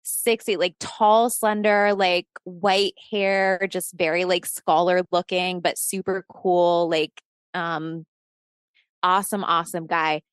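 A woman's voice: fairly low pitch, slow pace, smooth, no room sound, clean studio sound. A woman guest telling a personal story in casual conversation, acting out the dialogue, swearing and laughing as she goes. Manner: animated storyteller who acts out quoted dialogue. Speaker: podcast guest.

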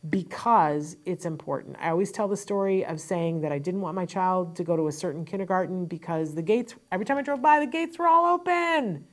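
Woman host, slightly low voice, fast and emphatic, blunt asides, studio mic. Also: animated, darkish tone, slight background noise. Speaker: host and parent advocate. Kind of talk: advice monologue to parents. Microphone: studio microphone.

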